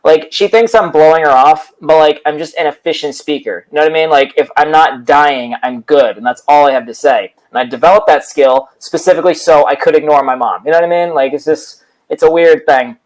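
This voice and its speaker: A man's voice: fairly high pitch, brisk, few pauses, rough recording. A man doing a rambling stand-up bit on a comedy show, full of fillers and asides. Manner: rambling, filler-heavy storytelling.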